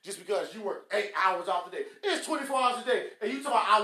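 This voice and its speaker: High lively guy scolding ppl on his podcast, blunt and mocking. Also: fast. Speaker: podcast host. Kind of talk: preachy motivational rant. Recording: echoey room.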